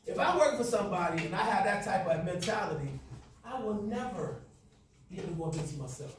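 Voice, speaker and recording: A man's voice: high voice, animated, brisk, slight background noise. A man teaching a class, lecturing with role-play and quizzing students in call-and-response. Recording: echoey classroom from far off.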